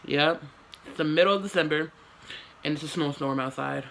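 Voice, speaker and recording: A woman's voice: low-pitched, moderate pace, slight background noise. A young woman telling a story to her camera in casual slang, with swearing and lots of dramatic asides.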